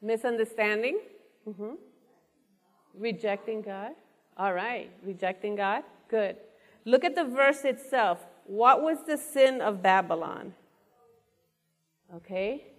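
A woman's voice: mid-range voice, slow, pauses often. Woman preaching in a reverberant hall. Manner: asks the audience questions and repeats their answers. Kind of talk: interactive sermon. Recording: long reverb of a large hall.

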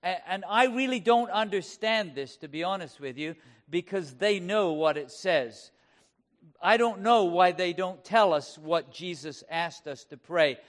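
A man preaching a sermon, impassioned, asking the congregation rhetorical questions and slowly stressing key words. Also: high-pitched, a bit bright.

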